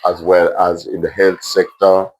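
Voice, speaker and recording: Low-voiced Jamaican man reading a story. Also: little pitch movement, a little slow, lo-fi sound. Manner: gentle, emotional reading with asides to the class. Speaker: author reading his story to schoolchildren. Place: primary school classroom.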